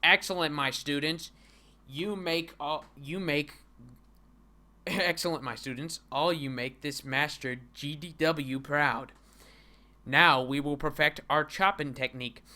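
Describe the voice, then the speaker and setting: A man voicing a stern old male martial arts master in a stiff, pompous, halting way. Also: fairly high pitch, fairly even intonation, bright, forceful tone, heavily acted. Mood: proud.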